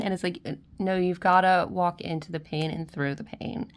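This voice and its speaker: A woman giving a spiritual tarot reading to her viewers. She is tearful and emotional, and she speaks gently with many restarts and soft check-ins. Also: fairly low pitch, steady tone, normal speed, vocal fry, few pauses. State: tearful, crying at times. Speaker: tarot reader.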